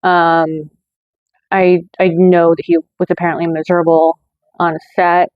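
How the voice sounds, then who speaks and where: A woman's voice: fairly low pitch, little pitch movement, measured pace, no echo, highs cut off. A woman hosting her own movie review channel, talking in a chatty way with lots of fillers and self-corrections. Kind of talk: casual scripted review.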